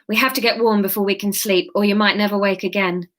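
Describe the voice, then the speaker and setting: A woman's voice: mid-range voice, fairly even intonation, quick pace, close to an everyday voice. A woman voicing Briar, a brave companion who keeps joking through chattering teeth. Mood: urgent.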